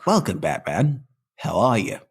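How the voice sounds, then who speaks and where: Laid-back, slow-talking man podcast host. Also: lowish voice, very animated, creaky, breathy edge. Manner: laughing, teasing, rambling sign-offs. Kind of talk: comedic banter.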